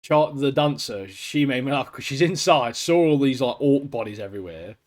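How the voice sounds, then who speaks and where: A man co-hosting a podcast in casual chat, excitable and dropping "mate" into nearly every sentence. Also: mid-range voice, moderate pace. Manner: excitable, says "mate" constantly, trails off quietly at phrase ends. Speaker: podcast co-host.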